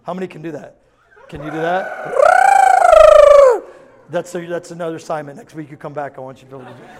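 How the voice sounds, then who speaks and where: Pastor, male, high-pitched, lively sermon delivery with playful asides. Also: fast, heavy background noise. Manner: animated, acts out quotes, laughs often.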